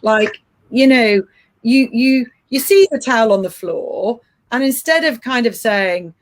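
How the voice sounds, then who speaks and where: A woman's voice: on the high side, animated, a little slow. A middle-aged woman coaching parents, explaining earnestly with frequent restarts. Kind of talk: advice-giving podcast chat.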